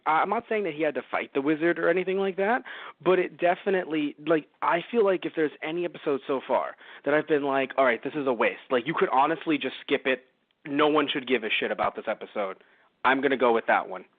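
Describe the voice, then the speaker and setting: Male podcast co-host, casual rambling reviewer who swears freely; slightly high voice, dry, phone-narrow audio. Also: fast, no room sound. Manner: rambling, swears a lot, animated.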